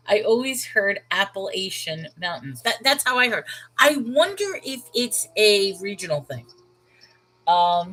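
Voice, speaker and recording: Here a channel host talks casually in a mid-range, slightly bright voice, rambling along and interrupting herself with frequent laughs. It's captured with poor audio.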